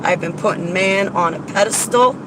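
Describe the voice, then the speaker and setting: A blunt, argumentative woman rants in a casual vlog from around her car. Clear traffic and street noise runs behind her voice. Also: mid-range voice, normal speed. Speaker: vlogger.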